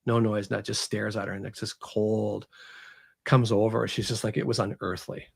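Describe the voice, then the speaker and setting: A man, an author who is a guest on an interview show, retelling a story in a casual, animated way and acting out the characters. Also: on the low side, moderate pace, gravelly, breathy edge.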